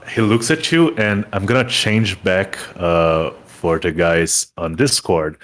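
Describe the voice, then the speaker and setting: A man's voice: on the low side, fairly bright tone. A young man running a tabletop game as dungeon master, describing scenes in a rambling way full of fillers.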